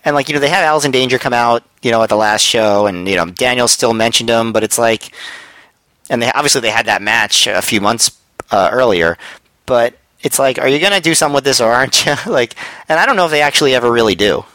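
Bright-voiced rambling man. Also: mid-range voice, fast talker, dry recording, poor audio. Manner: rambling, hesitant, many fillers. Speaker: podcast co-host. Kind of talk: casual chat reviewing wrestling.

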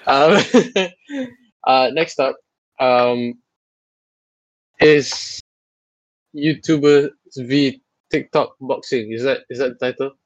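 A man hosting a podcast in casual chat, teasing and animated, with lots of fillers. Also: medium pitch, slow, pauses often, no echo, poor audio. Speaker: podcast host.

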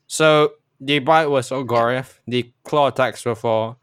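A man's voice: medium pitch, unhurried, smooth, no room sound, studio quality. A man narrating as game master of a tabletop role-playing session, casual and laid-back.

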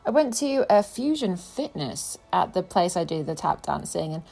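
A woman's voice: on the low side, sing-song, moderate pace, creaky, mellow, breathy edge. A young woman vlogging, telling her day in a chatty, sarcastic way. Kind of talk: casual chat.

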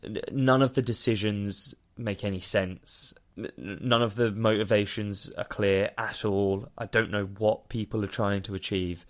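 A man's voice: fairly low pitch, fairly even intonation, measured pace, few pauses. A man casually recapping a film plot on a podcast, rambling, laughing and swearing freely. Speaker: podcast co-host.

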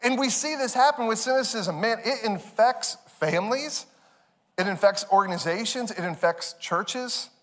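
A man preaches in a lively storytelling style. His voice sits fairly high, and he slips into his kids' voices with bursts of laughter. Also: normal speed, big-room sound. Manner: animated, acts out his kids in high voices, laughs often. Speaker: pastor. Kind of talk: storytelling sermon. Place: church stage.

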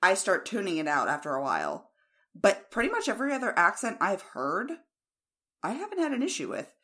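A woman's voice: mid-range voice, wildly swooping pitch, fairly quick, sharp tone. An American woman co-hosting a podcast in casual chat, speaking frankly and with plenty of opinion. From United States. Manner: frank, opinionated, laughs easily. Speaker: podcast co-host.

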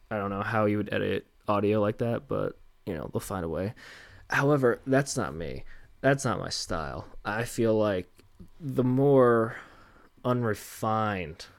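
A man's voice: fairly low pitch, gravelly, no echo. A young man hosting a solo podcast and speaking into a handheld microphone. He rambles and mocks himself, with many fillers. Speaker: podcast host. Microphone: handheld microphone with headphones.

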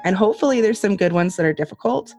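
A woman's voice: medium pitch, animated, fast talker, a little mellow, soft background music. A woman hosting a podcast in casual chat, chatty and swearing freely while laughing at herself. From Canada. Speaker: podcast host.

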